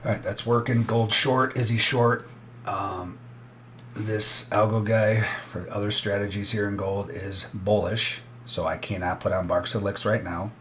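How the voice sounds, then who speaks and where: A man's voice: fairly low pitch, steady tone, unhurried, fairly bright tone, a little hiss or hum. A man giving casual, blunt commentary as he trades live and talks straight to his viewers.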